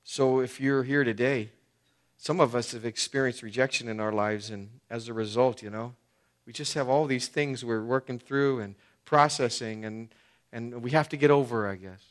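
A male pastor preaches a sermon to a church congregation, with a voice of middling pitch. His delivery is conversational, full of fillers like "you know" and "man". He leans hard on key phrases and then drops to near-hushed tones. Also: normal speed. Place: church sanctuary.

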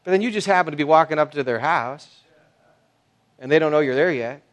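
A man preaching a sermon as pastor, talking conversationally with many fillers and restarts, swinging between soft asides and loud emphasis. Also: a little high, a little fast.

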